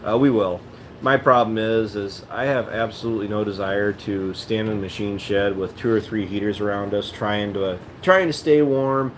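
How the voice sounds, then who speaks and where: A man, a farmer, chatting casually to his viewers in a rambling, plainspoken way with frequent restarts. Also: on the low side. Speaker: farmer vlogger. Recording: noisy ambient background.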